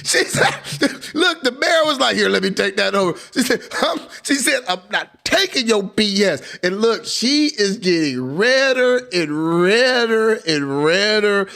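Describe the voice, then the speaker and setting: A man reacting to press conference footage in animated commentary, exclaiming and laughing as he talks. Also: high voice, a little slow, vocal fry, few pauses. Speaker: commentary video host.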